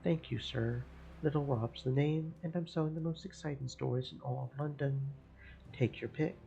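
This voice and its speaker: A man voicing a young newsboy with a quick salesman's patter. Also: mid-range voice, creaky, mellow, muffled recording, a little hiss or hum, natural voice. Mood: eager. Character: eager newsboy selling lurid papers.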